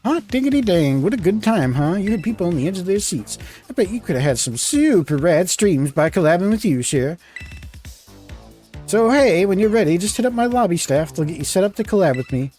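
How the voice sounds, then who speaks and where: Man putting on a high bouncy girl streamer voice, peppy young gym leader, showy, mellow tone, faint music behind. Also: sing-song, brisk. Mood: perky. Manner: bouncy, showy, old-timey catchphrases.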